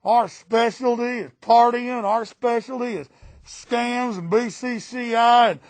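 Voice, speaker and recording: A man's voice: very high voice, fairly even intonation, unhurried, no echo. A man voicing a smug, boastful mock Texan politician in a put-on Texan drawl, mocking and cackling. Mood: gloating. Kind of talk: political satire impression.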